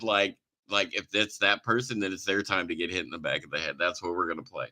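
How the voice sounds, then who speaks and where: Tipsy, rambling podcast host. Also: male voice, fairly low pitch, a little fast, few pauses, bright, forceful tone, poor audio. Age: 40s. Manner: rambling and profane, jokey. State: tipsy from drinking wine. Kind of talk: casual chat.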